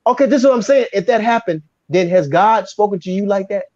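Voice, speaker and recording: A man in a heated casual debate, animated and insistent, repeating words when pressed. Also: high-pitched, fast talker, no echo, muffled recording. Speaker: discussion participant.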